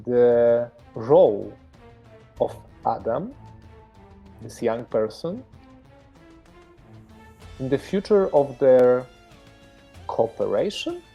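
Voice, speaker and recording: A man's voice: mid-range voice, animated, very slow, gravelly, long pauses, husky, highs cut off, soft background music. A man with a Polish accent narrating as game master of a horror tabletop game, hesitant and full of fillers. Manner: hesitant, many fillers, searching for words.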